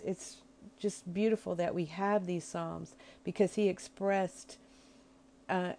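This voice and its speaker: Gentle, reflective woman with a mellow voice. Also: lowish voice. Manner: gentle, reflective, searching for words. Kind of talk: informal talk on prayer.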